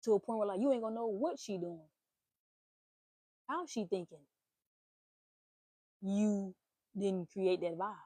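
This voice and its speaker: A young woman hosting a casual talk stream, giving blunt, profane relationship advice in an animated rant. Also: mid-range voice, unhurried, long pauses, husky, dry recording. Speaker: host.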